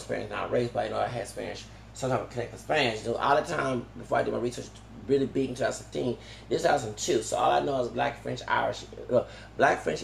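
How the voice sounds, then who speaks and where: A man's voice: medium pitch, gravelly, echoey room, a little hiss or hum. A man talking in a long, rambling monologue, full of restarts and tag questions like "okay?". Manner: digressive, many restarts and "okay?" tags. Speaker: vlogger.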